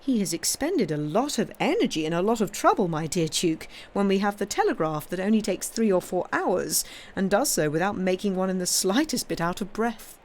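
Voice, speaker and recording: A woman's voice: medium pitch, sing-song, brisk, hardly any pauses, darkish tone, close to an everyday voice. A woman reading aloud, voicing an aging king who is wry and commanding. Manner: imperious, teasing.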